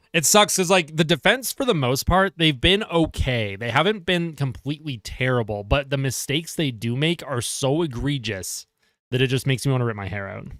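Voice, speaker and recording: Man, live-stream hockey commentary, smooth clear voice, dry close sound, chatty, answers chat. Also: medium pitch, fairly bright tone, no echo. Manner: chatty, reads chat aloud and answers viewers.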